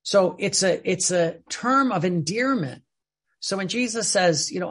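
A man's voice: high-pitched, animated, a little slow, husky. A man giving an earnest religious teaching, often repeating and restarting his words. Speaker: preacher.

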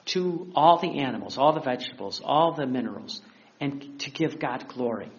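A man's voice: medium pitch, animated, moderate pace, noisy background. A man preaching a conversational sermon, acting out quotes and chuckling as he goes. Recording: dull lo-fi recording.

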